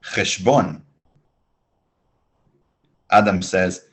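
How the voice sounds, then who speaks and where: Slow-drilling male Hebrew teacher. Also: lowish voice, lively intonation. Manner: slow, drilled listen-and-repeat prompts. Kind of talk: online language lesson. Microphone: webinar microphone.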